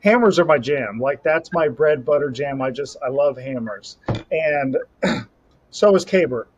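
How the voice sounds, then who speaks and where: A young man on a podcast, casually telling a rambling, animated story about a competition. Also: mid-range voice, unhurried, slightly rough. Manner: rambling, animated storytelling with self-talk asides. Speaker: podcast co-host and Highland Games athlete. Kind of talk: casual chat. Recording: slightly dull lo-fi audio.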